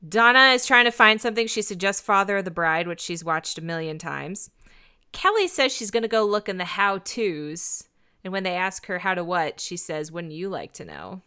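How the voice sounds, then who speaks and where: A woman's voice: medium pitch, animated, normal speed, pushed and bright, clean tone. A woman co-hosting a podcast, chatting casually as she retells an episode scene by scene and giggling often. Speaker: podcast co-host. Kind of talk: casual episode recap chat.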